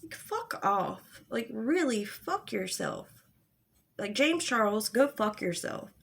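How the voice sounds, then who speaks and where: A young woman with a fairly high voice rants in an exasperated, sarcastic commentary. She swears freely and sounds fed up. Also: very animated, slow, creaky, husky. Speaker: commentary YouTuber. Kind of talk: angry commentary rant.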